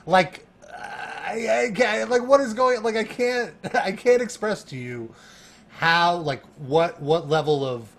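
A man's voice: sits high, takes it slowly, creaky. Chatty man telling a story with laughs. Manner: animated, laughing, lots of fillers and restarts. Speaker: guest. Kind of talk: casual storytelling in a podcast chat.

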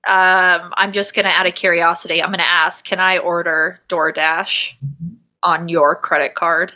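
A woman's voice: on the low side, level tone, normal speed, pushed and bright. A woman co-hosting a podcast in casual comedic chat, reading out a story and joking with a lot of swearing. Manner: swearing, jokey, reads story notes. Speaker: podcast co-host.

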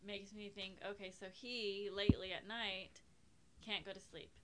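A woman's voice: mid-range voice, little pitch movement, normal speed, very noisy. A mother talking casually with friends, hesitant and full of fillers. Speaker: mother in group chat. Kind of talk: casual chat.

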